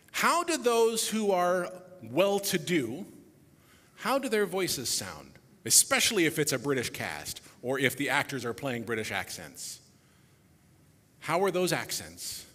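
A man giving a reflective public talk before a musical performance, animated, his voice dropping softly at the ends of phrases. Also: a little high, long reverb tail. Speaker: speaker introducing a musical performance.

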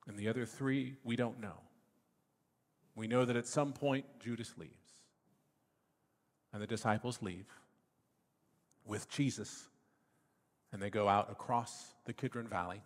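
A man's voice: fairly low pitch, steady tone, measured pace, long pauses. A man, a father, preaching a reflective sermon that sometimes sinks to a near whisper. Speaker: pastor. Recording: long reverb of a hall.

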